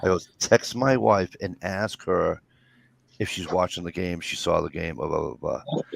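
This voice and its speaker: A man's voice: sits low, normal speed, creaky, no echo. A man, telling rambling, swear-filled stories in casual chat. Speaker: storyteller.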